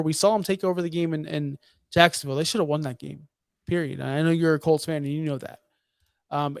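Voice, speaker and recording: A fired-up man co-hosting a podcast, his voice sitting a little high and ranting with heavy emphasis. The sound is dry and close, with no room echo. He piles point upon point without letting up. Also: darkish tone. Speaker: podcast co-host. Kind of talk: heated fantasy football talk.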